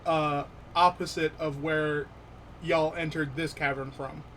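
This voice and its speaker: A man's voice: a little high, flat delivery, unhurried, fairly bright tone, slight background noise, poor audio. A man narrating as game master for a tabletop game, hesitant and full of fillers.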